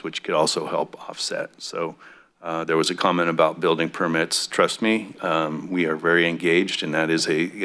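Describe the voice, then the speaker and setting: A man on a city council giving remarks at a public meeting, speaking haltingly with many fillers, his voice a bit throaty. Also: sits low, sharp tone. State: throaty coffee voice.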